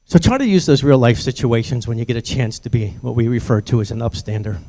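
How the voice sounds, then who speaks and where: In a conversational talk to parents on bullying prevention, an older man recounts personal anecdotes and performs the characters' voices. He talks fast in a mellow, expressive, mid-range voice.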